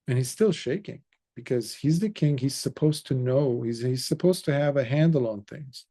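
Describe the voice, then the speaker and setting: A man's voice: mid-range voice, moderate pace, mellow. A man, a Buddhist monk, telling a story in a conversational dharma talk with casual asides.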